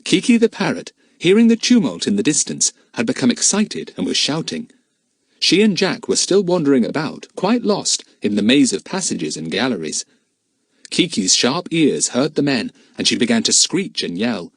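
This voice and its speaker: A man narrates a children's adventure book in a clear, expressive way. His pitch rises and falls a lot as he tells the story. The sound is dry and close. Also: normal speed, dry recording. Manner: lively, expressive reading. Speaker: audiobook narrator.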